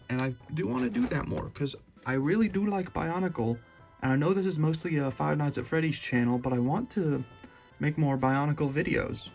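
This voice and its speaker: A man's voice: mid-range voice, creaky, darkish tone. A young man with a Southern accent giving a casual, rambling room tour in his bedroom, full of fillers and restarts.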